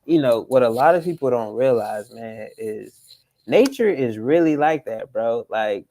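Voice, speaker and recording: A man's voice: medium pitch, animated, unhurried, mellow. A man chatting casually while driving, laid-back and rambling, full of slang fillers. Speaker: vlogger. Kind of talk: casual chat. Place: car in traffic.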